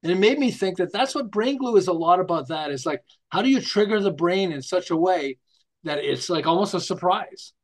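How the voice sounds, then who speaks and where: This American marketing author, a guest on an interview show, speaks briskly in a voice that sits high. He tells stories with animation, acting out quotes and scenes, cracking jokes, and rambling with frequent restarts.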